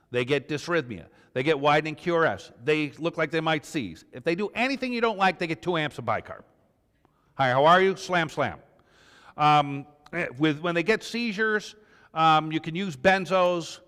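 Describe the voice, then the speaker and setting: A man's voice: a little high, fairly bright tone. A man giving a conversational medical review lecture, mixing facts with stories from his own practice. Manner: conversational, tells clinical anecdotes. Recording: lecture hall reverb.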